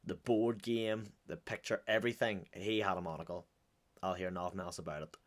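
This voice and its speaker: A man's voice: deep voice, fairly even intonation, fairly quick. A man with a Northern Irish accent hosting and joking his way through casual reaction commentary. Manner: joking, chatty, offhand. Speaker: host.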